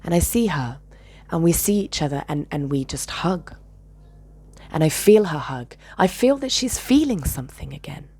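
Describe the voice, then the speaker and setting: A woman's voice: low-pitched, expressive, moderate pace, breathy edge. A woman telling a personal story to her channel with intensity, swearing and dropping into whispers. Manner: intense, swings between loud and whispered, swears. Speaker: channel host.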